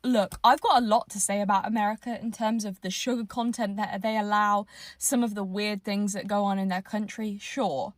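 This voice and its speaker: A young woman in a talking-head clip, animated, playful and incredulous. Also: mid-range voice, normal speed, dry recording. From United Kingdom. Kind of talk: talking-head social video.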